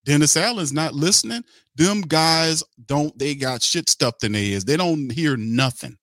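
A man's voice: a little high, lively intonation, a little slow, fairly bright tone, no echo. A middle-aged man hosting a sports podcast, ranting bluntly and heatedly, swearing and repeating himself. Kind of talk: opinionated sports talk.

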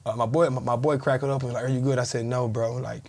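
A man's voice: mid-range voice, flat delivery, fast. A man in his thirties, a podcast guest, telling a story in casual conversation and acting out the quoted dialogue. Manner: vivid storyteller who acts out quoted dialogue. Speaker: podcast guest, former pro football player.

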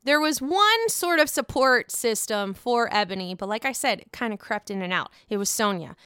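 A woman's voice: a little high, lively intonation, normal speed, sharp tone, clean tone, dry recording, studio quality. Outspoken young woman recapping reality TV. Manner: candid and frustrated, with frequent swearing; rhetorical questions, answered herself. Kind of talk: casual opinionated commentary.

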